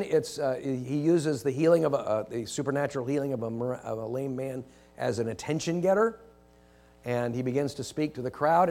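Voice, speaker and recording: A man preaching a sermon, rushing through it with many restarts, rising to emphatic quoted lines and dropping low and quiet. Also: creaky. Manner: hesitant restarts, rushed.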